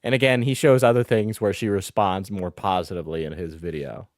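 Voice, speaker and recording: A man's voice: low-pitched, steady tone, a little fast, no echo, studio quality. A man streaming live, reacting to videos with mocking, profane commentary and frequent laughter.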